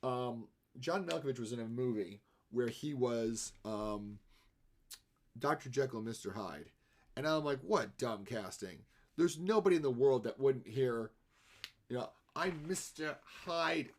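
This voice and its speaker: A man's voice: mid-range voice, normal speed, darkish tone, a little hiss or hum. Chatty, laughing male livestreamer. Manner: rambling and chatty, laughs often. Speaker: livestreaming artist. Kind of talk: casual chat while drawing on a live stream.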